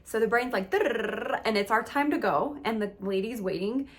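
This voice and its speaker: A woman's voice: fairly high pitch, brisk. A woman coach telling a personal story in a candid, emotional, casual way, with lots of filler words. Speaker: relationship and meditation coach.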